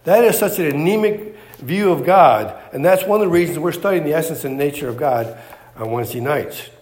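A man's voice: fairly high pitch, animated, fairly quick, darkish tone. A man preaching a sermon, emphatic and repetitive, firing off rhetorical questions.

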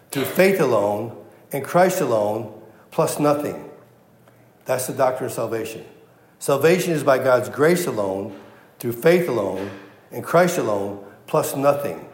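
A man's voice: medium pitch, roomy sound. A man preaching a sermon as pastor, emphatic and repeating his key phrases for weight. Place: church.

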